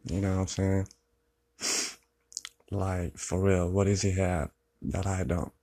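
A man's voice: sits low, flat delivery, slow, dark tone. A young man venting in a rambling, profane monologue, upset and close to tears, repeating himself often. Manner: rambling, profane, repeats "you know what I'm saying".

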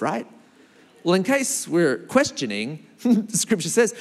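A man preaching a sermon as pastor, lively and animated, with big swings in his delivery. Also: high-pitched, moderate pace. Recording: long hall reverb.

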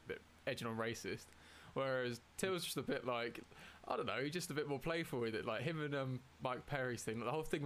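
A man's voice: mid-range voice, fairly bright tone. A man hosting a casual chat, playful and laughing a lot.

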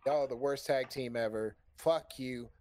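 A man's voice: mid-range voice, normal speed, slight background noise. A man telling a long story in casual chat, swearing freely and laughing often. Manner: profane, animated, laughs often. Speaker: storyteller on a stream.

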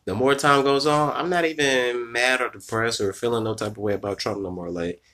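A man co-hosting a podcast, chatting casually in slangy speech and acting out other people's lines in quick quoted voices. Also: medium pitch, fairly even intonation, sharp tone, a little hiss or hum. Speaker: podcast co-host.

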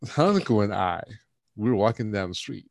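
A man with a lowish voice telling convention anecdotes on a podcast. His delivery is animated, and he acts out his own reactions. The sound is close and dry. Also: fairly quick, creaky, no echo. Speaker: podcast co-host. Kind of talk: casual chat.

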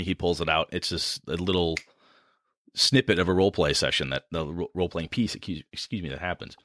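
The clean studio sound, free of room noise, carries a low, brisk, slightly bright male voice with a Midwestern American accent. As podcast host and game master, he chats casually about running tabletop games, rambling, restarting, and laughing a lot.

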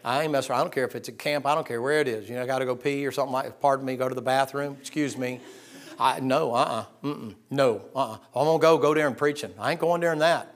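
Middle-aged pastor, folksy storyteller, acts out voices, hushed then loud. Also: male voice, medium pitch, quick pace. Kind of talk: sermon.

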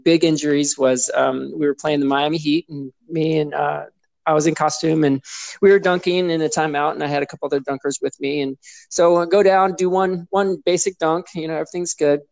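A man, a guest on a talk show, recounting a past injury in plain, steady speech. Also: a little high, brisk, vocal fry, no room sound. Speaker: guest, former mascot performer. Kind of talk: casual interview storytelling.

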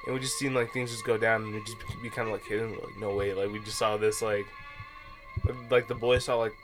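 A young man co-hosting a podcast who talks in a relaxed, slangy way, full of "like" and "dude.". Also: lowish voice, quick pace, music in the background. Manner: laid-back, slangy, fills with "like" and "dude". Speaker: podcast co-host. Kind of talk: casual chat.

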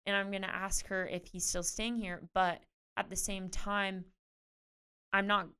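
A woman in her twenties, a pro tennis player being interviewed, chatting in a lively way with lots of "like". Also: medium pitch, unhurried, clear, resonant tone. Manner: chatty, animated retelling with frequent "like". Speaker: guest, professional tennis player. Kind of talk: casual interview storytelling.

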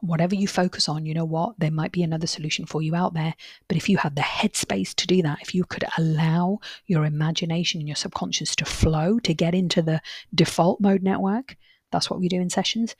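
A woman's voice: lowish voice, fairly even intonation, fairly quick, slightly rough, no echo, clean studio sound. A woman therapist hosting a podcast monologue, earnest and reassuring, who repeats phrases for emphasis as she shares client stories. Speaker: solution-focused therapist, podcast host.

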